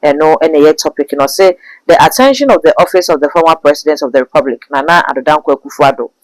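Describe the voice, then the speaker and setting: A man's voice: a little high, fast talker, no room sound, poor audio. A man hosting a talk show, chatting and reading statements aloud. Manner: reads documents aloud, conversational.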